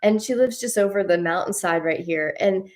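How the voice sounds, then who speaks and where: A woman's voice: mid-range voice, moderate pace. A woman hosting a spiritual series, telling a personal story casually, rambling with frequent restarts and laughs. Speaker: host of a spiritual journey series.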